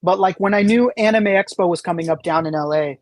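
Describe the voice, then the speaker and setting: A man's voice: sits high, a little fast, no room sound. A man chatting as a podcast guest, rambling through stories with many fillers and restarts. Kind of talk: casual chat.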